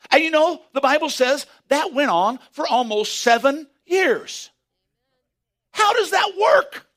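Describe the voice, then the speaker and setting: A man preaching a sermon as pastor, swinging from hushed asides to excited shouts. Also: sits high.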